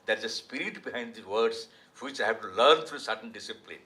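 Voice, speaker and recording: A man's voice: fairly low pitch, lively intonation, sharp tone. An older man from India with an Indian English accent, giving a reflective storytelling talk as an author. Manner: measured, reflective, with restarts. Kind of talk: storytelling lecture. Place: hall.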